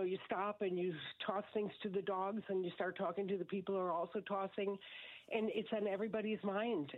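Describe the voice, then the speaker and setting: A woman calling in to a radio show, eager and hopeful, speaking in a slightly halting way. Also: medium pitch. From United States. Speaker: caller. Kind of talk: phone-in chat. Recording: tinny phone line.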